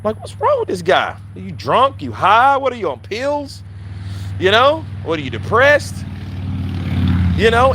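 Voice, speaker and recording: A male boxing commentator chatting casually, animated and profane, laughing often and addressing his viewers directly. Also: sits high, a little slow, long pauses, slightly rough. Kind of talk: casual chat.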